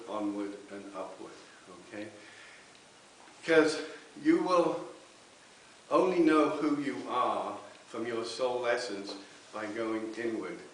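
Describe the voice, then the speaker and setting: A reverend giving an earnest spiritualist sermon with personal testimony, often checking in with the congregation. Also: male voice, medium pitch. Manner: earnest, tag questions with okay. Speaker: reverend speaking at a spiritualist church. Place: church hall. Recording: very echoey hall, distant mic, faint hiss.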